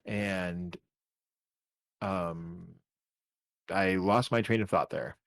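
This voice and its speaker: A man's voice: deep voice, fairly even intonation, drawn-out words, gravelly. A tired man co-hosting a casual sports podcast, rambling and restarting as he argues his picks. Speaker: podcast co-host. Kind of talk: casual fantasy football chat.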